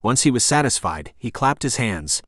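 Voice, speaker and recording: Male narrator, audiobook, steady even reading, mid pitch, dry close mic. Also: normal speed, dry recording. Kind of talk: scripted narration.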